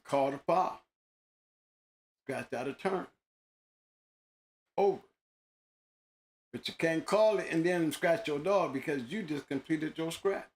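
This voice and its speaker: A man's voice: a little high, slow, pauses often. A man hosting a show, talking casually in an emphatic, slangy way, often repeating himself. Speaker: host. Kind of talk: casual monologue.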